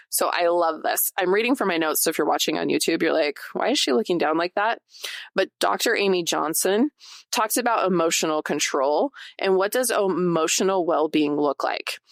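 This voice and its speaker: A woman's voice: lowish voice, vocal fry, no room sound, studio quality. A woman hosting a podcast on her own, chatting casually and straight to her listeners, partly reading from notes. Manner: chatty, addresses listeners directly, laughs often. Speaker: podcast host. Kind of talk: casual solo podcast talk.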